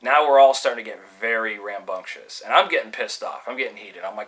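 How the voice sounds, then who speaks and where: A man from California telling a personal story casually, animated and swearing freely as he acts out the people in it. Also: fairly low pitch, brisk, hardly any pauses, rough recording. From California, USA.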